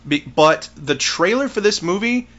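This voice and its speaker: A man's voice: sits high, animated, a little slow, a bit bright. A man co-hosting a casual movie review podcast, ranting bluntly and swearing. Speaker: podcast co-host. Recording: dull lo-fi recording.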